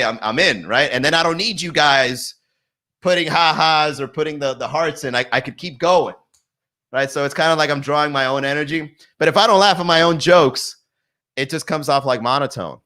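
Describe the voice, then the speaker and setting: A man's voice: on the high side, bright, forceful tone. A young adult man doing comedy on a live stream from his garage, riffing loosely and laughing at his own jokes. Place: home garage.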